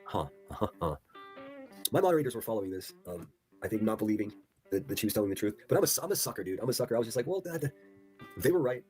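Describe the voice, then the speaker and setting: Fast-talking profane male streamer. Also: on the low side, lively intonation, darkish tone, soft background music. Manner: profane, incredulous, reads chat posts aloud. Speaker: livestream host. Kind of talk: casual livestream commentary.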